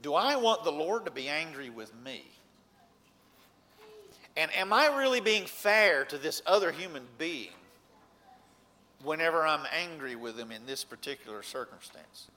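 A man preaching a sermon, earnest, rising to emphatic points and then dropping low. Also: expressive, a little slow, long pauses, bright, forceful tone.

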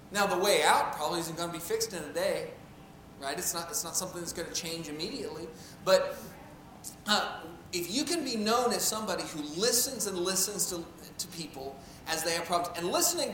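Man, high voice, chatty Bible teacher who keeps turning to the audience; roomy echo with a faint hum. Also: a bit bright. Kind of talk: conversational Bible teaching to a group. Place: room with a live audience.

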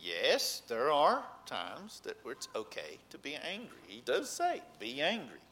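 A man preaching a sermon, earnest, rising to emphatic points and then dropping low. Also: huge pitch swings, unhurried, bright, forceful tone, a little hiss or hum.

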